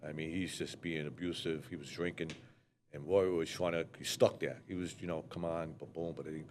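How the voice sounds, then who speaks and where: A man's voice: deep voice, fairly even intonation, fairly quick, a little hiss or hum. Blunt, swearing older New York man. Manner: blunt, rambling, swears freely. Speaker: co-host telling stories. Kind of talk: casual storytelling conversation.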